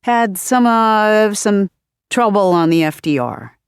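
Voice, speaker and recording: A woman's voice: mid-range voice, expressive, takes it slowly, clean tone, no echo, studio quality, voice pushed up. A woman voicing an awkward young man with memory loss, speaking hesitantly with fillers.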